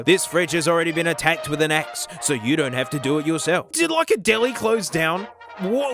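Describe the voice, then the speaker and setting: A man with an Australian accent narrates his vlog with dry, sarcastic jokes and rambling asides. His voice sits fairly high, and soft music plays underneath. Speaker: YouTuber.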